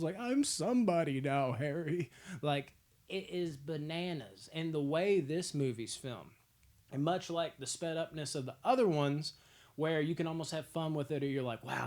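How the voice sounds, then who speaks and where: Brief: young male host, fairly high voice, swears a lot, rattles off movie picks excitedly. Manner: profane, excitable storytelling with frequent laughs. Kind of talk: casual movie-ranking commentary.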